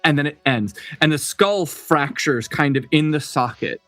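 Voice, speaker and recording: A man's voice: a little high, moderate pace, a bit bright, no echo, soft background music. A man running a tabletop game as game master, describing scenes with many fillers and restarts.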